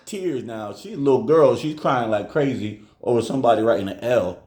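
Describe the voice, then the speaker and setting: Animated man telling a story at home. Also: medium pitch, brisk, few pauses, roomy sound. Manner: animated, acts out everyone's voices. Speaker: vlogger. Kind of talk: casual storytelling vlog.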